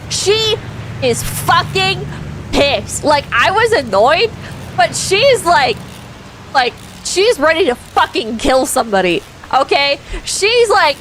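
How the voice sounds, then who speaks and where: A woman with a bright, high-pitched voice tells a rambling story in a relaxed, chatty way. She laughs often and swears freely as she goes. A faint background hum sits under her voice. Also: takes it slowly, poor audio. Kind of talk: casual storytelling on a stream.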